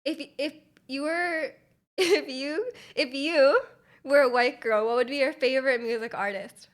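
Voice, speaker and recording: A woman's voice: sits high, unhurried. A young Canadian woman streaming live, chatting casually with her viewers, giggling and rambling with many restarts.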